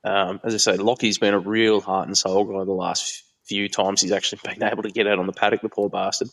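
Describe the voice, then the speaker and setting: An Australian man calls in to a talkback show. His voice sits low, and he lays out his views in an earnest, measured way. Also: little pitch movement, creaky, a bit bright. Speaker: caller. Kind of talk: talkback call.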